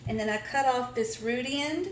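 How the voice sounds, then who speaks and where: A woman's voice: a little high, moderate pace, echoey room, heavy background noise. A woman with a Southern US accent hosting a cooking vlog, chatty and folksy as she walks through a recipe in her home kitchen. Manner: chatty, folksy, self-deprecating. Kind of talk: casual cooking tutorial.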